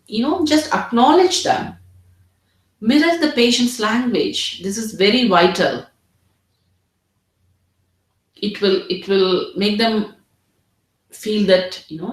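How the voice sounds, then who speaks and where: A woman tutoring doctors in an earnest teaching presentation, often repeating her words as she models empathetic phrases. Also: medium pitch. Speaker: medical exam tutor. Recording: roomy echo.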